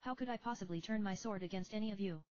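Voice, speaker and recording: A woman's voice: medium pitch, darkish tone, dry recording, lo-fi sound, pitched above the performer's own voice, lightly acted. A woman voicing the solemn, sorrowful spirit of an old male king in a storybook reading. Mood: mournful. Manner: slow, solemn and grieving.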